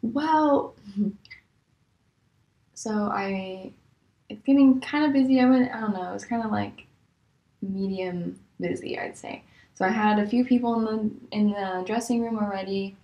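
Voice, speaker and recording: A young woman tells her stories casually in a mid-pitched voice, animated and exasperated. Her voice leaps high when something shocks her. The room around her is echoey. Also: a little slow, long pauses, muffled recording. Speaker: vlogger. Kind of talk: casual storytelling.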